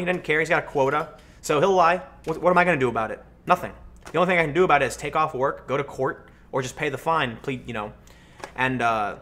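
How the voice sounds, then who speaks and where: An American man hosting a livestream, answering chat questions and telling stories in a casual, animated way. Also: a little high, slight background noise. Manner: animated storytelling, acts out voices in anecdotes. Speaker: livestream host.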